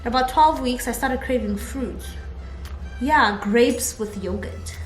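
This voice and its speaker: A young woman vlogger telling a personal story in a chatty, animated way, often laughing as she talks. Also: a little high, a little slow, faint music behind. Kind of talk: casual storytelling vlog. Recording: echoey room, faint ambient noise.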